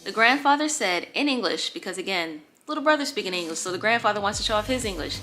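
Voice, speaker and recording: A young woman telling a dating story in a casual, animated way, acting out the quotes and swearing freely. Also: mid-range voice, quick pace, faint music behind. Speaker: storytime vlogger.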